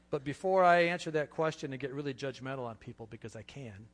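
A man preaching a sermon with passion, dropping to a hush and then rising loud, in a church. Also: medium pitch, quick pace, hardly any pauses, long reverb tail. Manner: impassioned, swings from hushed to loud. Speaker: pastor.

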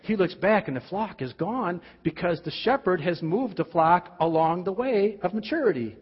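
A man preaching a sermon, asking emphatic rhetorical questions and dropping at times to quiet, intense tones. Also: expressive, normal speed, husky. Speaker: pastor. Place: church. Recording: dull, boomy hall sound.

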